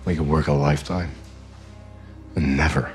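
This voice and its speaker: A guilt-ridden hero in a TV drama, a man with a very low voice who speaks quietly and holds back. Faint music sits behind him. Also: steady tone, moderate pace. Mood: somber. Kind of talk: TV drama acting.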